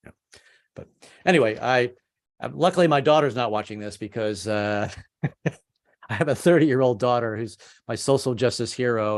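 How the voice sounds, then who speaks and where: A man in his fifties doing a stand-up comedy set, stammering and self-deprecating, with sudden high put-on voices for other people.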